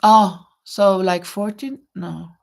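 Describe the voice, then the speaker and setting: A woman hosts a casual livestream, knitting as she chats with viewers and speaks to them directly in a rambling, hesitant way, often restarting her words. Her medium-pitched voice has a steady tone and vocal fry, and she takes it slowly. There's slight background noise.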